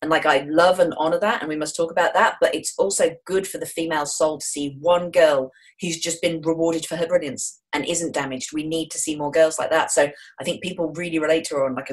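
A middle-aged English woman with a Midlands accent, talking enthusiastically and jokily as a guest in an interview. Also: deep voice. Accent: Wolverhampton, English Midlands. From England. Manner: enthusiastic, jokey, quick to put on voices in anecdotes. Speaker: author and screenwriter guest. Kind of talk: animated interview talk.

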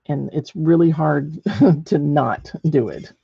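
A woman's voice: low voice, slow pace, creaky, mellow, husky, no room sound, dull audio. A middle-aged woman demonstrating ceramic painting in a chatty way, thinking aloud as she works. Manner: chatty, thinks aloud while working, many ums.

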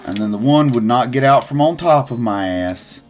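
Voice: medium pitch, animated, moderate pace, soft background music. A let's player giving gameplay commentary, swearing and grumbling at the game as they go. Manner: profane, grumbling running commentary. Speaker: let's play gamer.

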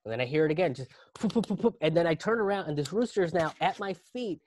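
Animated, foul-mouthed male storyteller. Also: fairly high pitch, quick pace, dry recording. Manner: animated, profane, exaggerated panic. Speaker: comedian and storyteller. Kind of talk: live virtual comedy storytelling.

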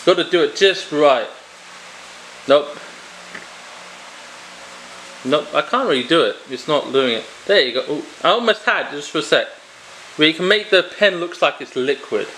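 High-voiced British man rambling. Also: animated, moderate pace, pushed and bright, slight background noise, low-quality recording. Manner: rambling, joking asides. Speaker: vlogger reviewing a pen. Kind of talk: casual product review.

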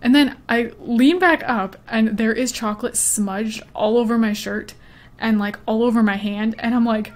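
A young woman, a gaming YouTuber, rambles and giggles while playing a life-sim game, chatty and easily sidetracked, mixing let's-play commentary with story time. Her voice is slightly high and her pace moderate.

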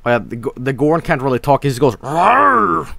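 A man streaming a space game, chatting casually, swearing and breaking into shouts when the fighting starts. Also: mid-range voice, fast talker, no echo. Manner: excitable, swearing, jumps to shouting in combat. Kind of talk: casual gameplay commentary.

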